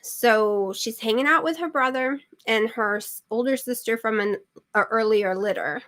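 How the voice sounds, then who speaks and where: Middle-aged woman host, loose rambling livestream chatter, bright and forward tone. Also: fairly high pitch, normal speed. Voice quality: chatty, rambling with many fillers. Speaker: channel host. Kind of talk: casual livestream chat.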